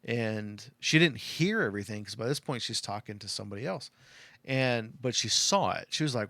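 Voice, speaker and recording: A man's voice: mid-range voice, expressive, a little fast, fairly bright tone, no room sound. A middle-aged man from Arizona telling a personal story in a casual, rambling way, choked up and full of "like" and "you know". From Arizona, USA. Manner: rambling, heartfelt, lots of "like" and "you know" fillers.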